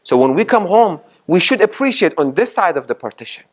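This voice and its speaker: Emphatic higher-voiced man giving a sermon. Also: very animated, a little fast. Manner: emphatic and repetitive, asks the audience questions; recites Arabic sayings before explaining them. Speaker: sheikh giving a Ramadan lecture. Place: community mosque hall.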